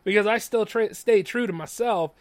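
A man's voice: high-pitched, normal speed, dry recording. A young man hosting a solo podcast, telling stories in a blunt, profane rant and chuckling often. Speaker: podcast host.

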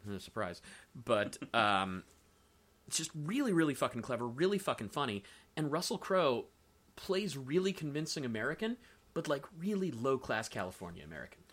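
A man who works as a voice actor, chatting casually as a podcast guest in an animated way, laughing often and swearing freely. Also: medium pitch, normal speed.

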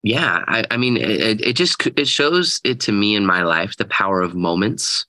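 A man in his thirties, a guest telling a personal story in an earnest, animated way and acting out the quotes. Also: on the low side, moderate pace, dry recording, low-quality recording. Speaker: guest speaker. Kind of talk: storytelling in an interview.

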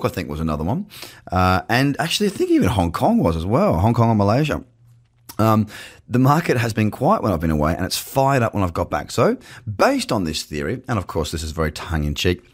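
A man with an Australian accent hosting a casual, chatty market commentary podcast from his office, with playful asides. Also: low-pitched. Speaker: podcast host. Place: home office. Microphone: webcam setup.

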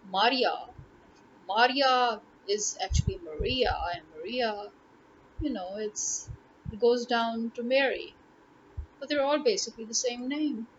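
A woman's voice: fairly high pitch, dull audio, slight background noise. A woman language tutor talking casually to camera in an emphatic way, repeating words to drive her points home.

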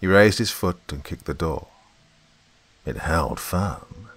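Deep-voiced man narrating a horror story. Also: slow pace, fairly bright tone.

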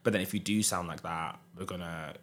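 Earnest Southern English man, low voice. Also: fairly even intonation, fairly quick, a bit bright, a little hiss or hum. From England. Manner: earnest, explanatory. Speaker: podcast guest. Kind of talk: casual podcast discussion.

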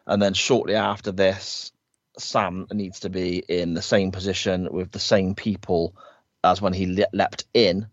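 A man's voice: deep voice, level tone, a little slow, dry recording. A man co-hosting a podcast, recapping a TV episode's plot step by step in an easygoing, agreeable way, on a slightly dull recording. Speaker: podcast co-host. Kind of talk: casual chat recapping a TV episode.

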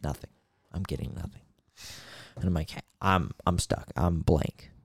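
A man's voice: sits low, normal speed, husky, no room sound, studio quality. A man co-hosting a podcast, candidly recounting a personal experience in casual conversation. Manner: candid storytelling about therapy, earnest. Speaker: podcast co-host.

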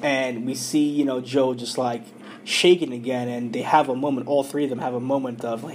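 A man's voice: medium pitch, steady tone, normal speed, a little hiss or hum. A man hosting a podcast, casually retelling an anime episode with lots of fillers and quoted dialogue. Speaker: podcast host recapping an anime.

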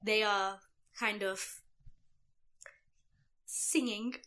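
A young woman with a London accent talks in an easy podcast chat. Her voice is bright and clear, with middling pitch. She gushes and leans on "like" and "you know" as she goes. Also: fairly even intonation, drawn-out words. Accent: London English. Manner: chatty, gushing, fillers like "like" and "you know". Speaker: podcast co-host. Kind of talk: casual chat.

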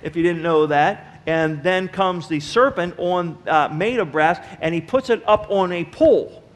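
A middle-aged pastor preaches in a church, his voice sitting a little high for a man. He tells homespun stories and turns to the congregation with plain, direct talk. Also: measured pace. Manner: folksy storytelling, speaks directly to the congregation. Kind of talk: sermon. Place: church sanctuary.

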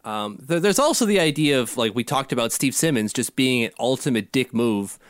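A young man co-hosting a casual sports podcast, talking in an animated, ranting way. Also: mid-range voice, fairly quick, dry recording, studio quality. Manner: animated, ranting, mocking quotes. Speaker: podcast co-host.

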